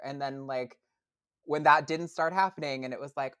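Her very deep voice is a bit bright, with fairly even intonation and a moderate pace. As a young adult podcast guest in a casual interview chat, she hesitates a lot, restarting and using many fillers.

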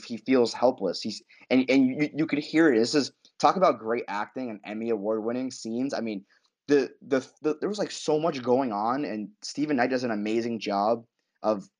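A man on a casual podcast, excitedly recapping a TV episode and acting out lines in high voices. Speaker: podcast co-host.

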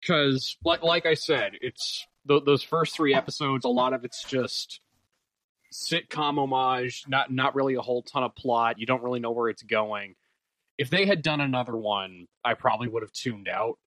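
Man, casual chat, middle pitch, rambling with fillers, dry close sound. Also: normal speed, fairly bright tone, no echo, low-quality recording. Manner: rambling, fills with "like".

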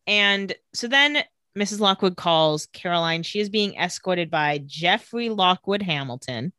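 Podcast co-host, young woman, lower pitch, animated retelling, dry studio sound. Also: unhurried, smooth, no room sound. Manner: animated, giggly, acts out quotes lightly. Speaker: podcast co-host recapping a TV episode. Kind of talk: casual chat, retelling scenes.

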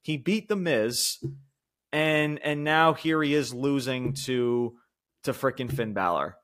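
A man's voice: medium pitch, slow pace, fairly bright tone. A man co-hosting a wrestling podcast, ranting heatedly with lots of swearing and repeated words. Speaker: podcast co-host. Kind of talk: casual wrestling podcast rant.

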